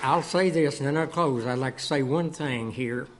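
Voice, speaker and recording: A man's voice: medium pitch, normal speed, a loud crowd, very noisy. A man giving folksy stories and a testimony to a church congregation as a guest speaker. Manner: folksy storytelling. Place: church sanctuary.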